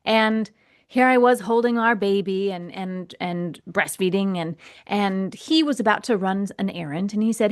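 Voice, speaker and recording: A woman hosting a podcast, telling a personal story in a casual, animated way and acting out the voices in it. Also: mid-range voice, moderate pace. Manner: animated, acts out quoted voices, laughs often. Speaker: podcast host.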